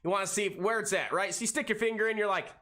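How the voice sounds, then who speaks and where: An excitable man streams live trading commentary, rattling off prices and cheering on his trades. His voice is bright and sharp with a slightly high pitch, and he hypes every move between corny jokes. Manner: excitable, hyped, jokey, calls out prices rapidly.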